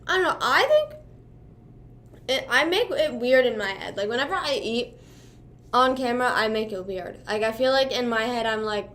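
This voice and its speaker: A young streamer from Pennsylvania chats casually on a livestream in a fairly high, fairly bright voice with lively intonation at a moderate pace. She rambles with lots of "like" and "you know what I mean," sometimes talking while chewing.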